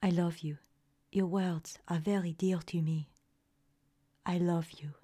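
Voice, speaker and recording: A man voicing a soft-spoken, gentle young noblewoman in a storybook reading, with a quiet, hushed voice. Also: high voice, moderate pace, voice pushed up, natural voice. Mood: tender.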